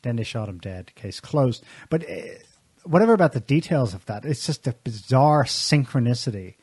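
A man's voice: medium pitch, expressive, normal speed, darkish tone, breathy edge, no room sound. A man co-hosting a talk show, giving casual, sardonic political commentary with pointed remarks and frequent restarts. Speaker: show co-host.

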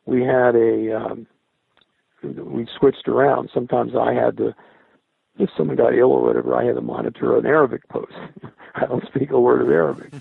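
An older man, a former military radio linguist, recalling his service in a halting interview style, often repeating and restarting words. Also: mid-range voice, level tone, vocal fry, breathy edge, no room sound. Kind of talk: recollecting in an interview. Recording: dry, tinny phone-like sound.

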